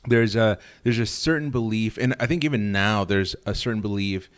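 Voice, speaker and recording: A man hosting a podcast interview, asking questions in a halting way with many fillers. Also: fairly low pitch. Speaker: podcast host. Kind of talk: casual interview.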